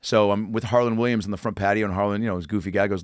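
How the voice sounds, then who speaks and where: A man chatting as a guest comedian, rattling off stories at a quick clip and acting out the people in them. His voice sits fairly low, and the sound is dry and close to the mic. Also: dry recording. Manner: rambling, animated, full of fillers and acted-out quotes. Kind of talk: casual storytelling chat.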